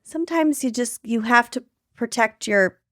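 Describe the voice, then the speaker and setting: A woman co-hosting a podcast in casual chat, with wry, deadpan asides. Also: on the high side, normal speed, no room sound, studio quality. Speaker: podcast co-host.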